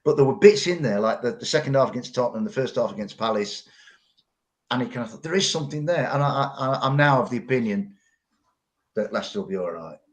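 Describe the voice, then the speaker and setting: A man's voice: medium pitch, expressive, fast talker. A middle-aged man, telling long stories as a pundit in a casual football podcast chat, often repeating words as he goes.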